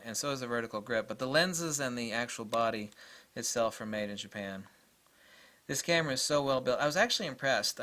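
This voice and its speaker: Bright-voiced man gushing over gear. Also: mid-range voice. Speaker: camera reviewer. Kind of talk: enthusiastic casual gear review.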